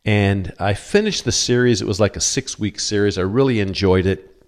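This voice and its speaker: Earnest low-voiced middle-aged male pastor. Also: normal speed. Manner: earnest, stammers on repeated words; cites scripture verses. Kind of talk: sermon.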